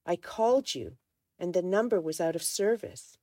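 A woman voicing a troubled, resentful grown man in a halting, strained way while reading a novel aloud. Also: on the low side, lively intonation, dark tone, no room sound. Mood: pleading.

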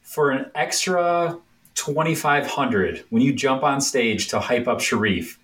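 A man's voice: mid-range voice, measured pace, a bit bright. A man co-hosting a podcast, upbeat and casual as he leads a would-you-rather game. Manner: upbeat, running a game segment. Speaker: podcast host. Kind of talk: casual chat.

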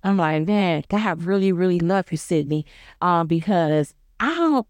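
A woman's voice: animated, measured pace, darkish tone, smooth, no room sound. A woman giving an earnest personal faith testimony in a conversational way, acting out her own remembered lines. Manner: earnest, acts out her own quoted dialogue with rising pitch; conversational, many fillers and restarts. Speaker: church member giving testimony.

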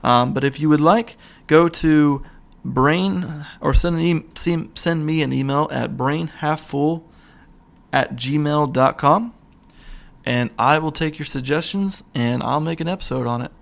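A young man hosting his own podcast, rambling excitedly with lots of fillers and restarts. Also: fairly high pitch, a little slow, vocal fry. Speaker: podcast host. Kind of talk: casual solo podcast rant. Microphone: single mic, podcast.

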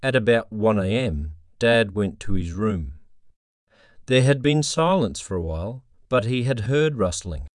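A man narrating a scripted story in a solemn, measured way on a close mic. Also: on the low side, expressive, no room sound.

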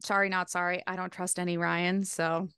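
A woman's voice: fairly low pitch, level tone, bright, forceful tone, clear, resonant tone, no echo, studio quality. A woman co-hosting a podcast, chatting casually and agreeably about reality TV. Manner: chatty, agreeable, quick to laugh. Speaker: podcast co-host.

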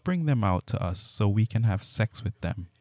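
A hostile mob makes threats, read out by a man in an even tone. His voice stays low and mellow, dry and close. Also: moderate pace, no echo. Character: hostile male mob shouting.

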